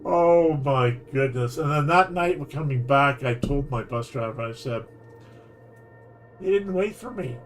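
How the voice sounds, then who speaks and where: A Canadian man with a medium-pitched voice takes his time telling a rambling, lively story while gaming on stream, restarting often and laughing. A slight hiss or hum can be heard.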